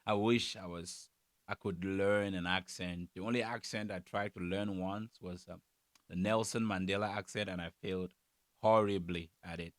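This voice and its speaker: A man's voice: low voice, normal speed, no echo, studio quality. A man from Cameroon with a Cameroonian English accent, chatting casually as he reacts to a comedy clip. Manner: relaxed, chatty, frequent fillers. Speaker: YouTube reactor.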